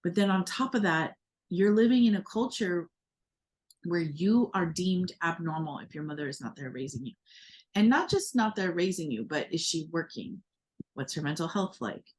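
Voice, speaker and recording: A woman's voice: fairly low pitch, lively intonation, moderate pace. A woman co-hosting a podcast, talking in a reflective, earnest way with many fillers and restarts. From United States. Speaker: podcast co-host. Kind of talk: casual conversation.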